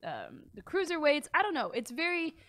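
A woman co-hosting a wrestling talk show in casual chat, opinionated and quick to laugh. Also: high voice, huge pitch swings, a bit bright. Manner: opinionated, chatty, laughs easily.

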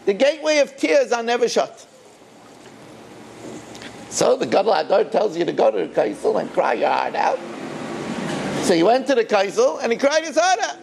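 A rabbi telling a story in a sermon, with an animated, emphatic delivery and swooping pitch. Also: male voice, moderate pace, gravelly, pauses often, a little hiss or hum.

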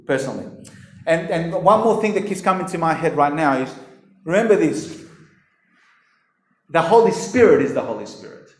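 A man preaching a sermon in an animated, emphatic way, talking straight to his listeners. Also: a little high. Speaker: pastor. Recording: echoey room.

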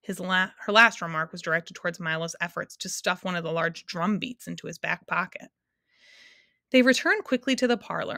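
A woman teacher reading a children's novel aloud in a steady, expressive manner. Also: lowish voice, creaky, no room sound, clean studio sound.

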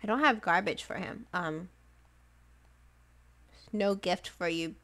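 A woman's voice: on the low side, slow pace, a bit bright. A woman streaming a game live, chatting casually and giggling often, with lots of "like" fillers. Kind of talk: casual livestream chat while playing a game.

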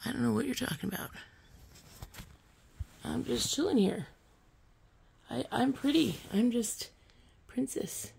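A woman's voice: fairly high pitch, animated, unhurried, creaky, pauses often, a little mellow, a little hiss or hum, heavily acted. A woman playing a coy princess cat. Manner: breezy feigned innocence. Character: coy pampered female house cat, innocent princess.

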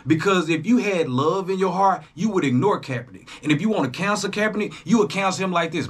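Young guy ranting to his viewers, husky, pitch all over the place, lots of cussing. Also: quick pace. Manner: animated, profane, swings between loud jabs and low asides. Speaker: YouTube reaction host. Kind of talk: casual monologue to camera.

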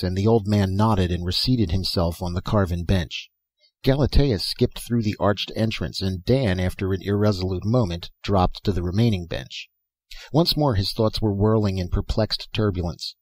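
Deep, husky male audiobook narrator. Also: a little mellow, no echo. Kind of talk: scripted narration.

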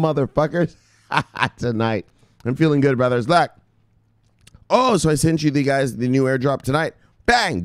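A middle-aged man talking excitedly as a crypto news vlogger, cursing and shouting shout-outs to viewers. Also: mid-range voice, dry recording, studio quality. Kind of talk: casual hyped-up commentary.

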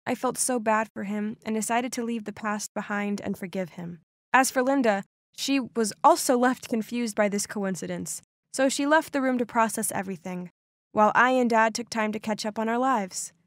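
A young adult woman narrating a first-person animated story in an expressive, dramatic way. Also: fairly high pitch, no echo, studio quality.

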